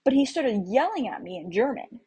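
A woman's voice: fairly high pitch, very animated, brisk, dark tone, slightly rough, lo-fi sound. A young woman from the United States, vlogging casually about her backpacking trip in a chatty way and laughing often as she tells her stories. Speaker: travel vlogger. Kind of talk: casual chat.

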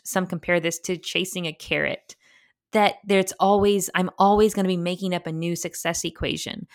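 A woman with a slightly low voice hosts her own podcast as a book coach. She talks with energy and emphasis, dropping playful asides and swinging between soft and loud. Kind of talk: solo podcast monologue.

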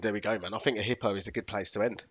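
A man's voice: fairly low pitch, steady tone, racing, a bit bright, slightly rough. A man chatting casually, hesitant and full of fillers. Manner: hesitant, many fillers like "like" and "I don't know". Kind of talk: casual chat. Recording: dull lo-fi sound.

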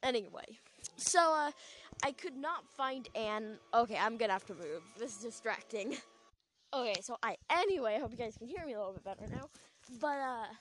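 A woman's voice: fairly high pitch, animated, brisk. A young woman hosting a podcast, chatting casually in a rambling, giggly way full of filler words, recorded on a small clip-on lapel mic. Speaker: podcast host. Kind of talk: casual chat.

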